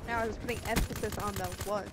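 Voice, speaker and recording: A woman's voice: mid-range voice, steady tone, quick pace. A young woman teasing a friend and calling out plays during an online shooter match. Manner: teasing, laughing banter. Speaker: gaming partner. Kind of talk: casual multiplayer gaming chat. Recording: loud game noise over voice.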